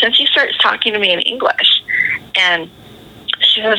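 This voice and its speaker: A woman in her thirties recounts a story as a podcast guest, her voice very bright and edged with gravelly fry. She talks animatedly and breaks into laughter often. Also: medium pitch, normal speed, long pauses, rough recording. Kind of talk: casual storytelling in a podcast interview.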